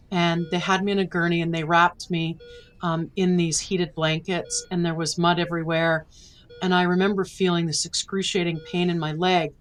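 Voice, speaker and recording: A woman's voice: fairly low pitch, low-quality recording. A woman in her forties, a podcast guest earnestly recounting a personal story and acting out the dialogue. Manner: earnest, emotional retelling with quoted dialogue.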